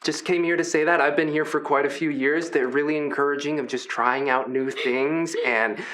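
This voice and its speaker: A man's voice: a little high, steady tone, moderate pace, fairly bright tone, lightly acted. A man voicing Brutus, a kind, rambling fifteen-foot triceratops-like arena fighter who keeps reinventing his act. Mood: earnest. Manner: earnest, rambling, self-reinventing showman.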